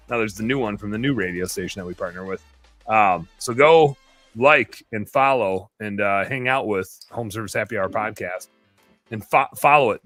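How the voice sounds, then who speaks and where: A man's voice: medium pitch, sharp tone. A man in his thirties hosting a podcast, rambling and self-mocking in casual banter. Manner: rambling, self-mocking, reads aloud in a jokey tone. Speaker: podcast host.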